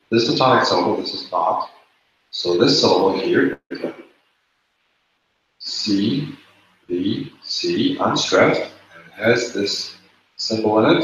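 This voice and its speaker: With a fairly low, slightly bright voice, a man lectures his classroom, laying out rules stepwise and restating what matters most. The echoey room comes through in dull lo-fi sound, with slight background noise.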